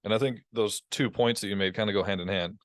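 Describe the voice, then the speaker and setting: A man's voice: fairly low pitch, fairly even intonation, quick pace, no echo, clean studio sound. A man hosting a podcast interview, agreeable and enthusiastic in casual conversation. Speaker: podcast host.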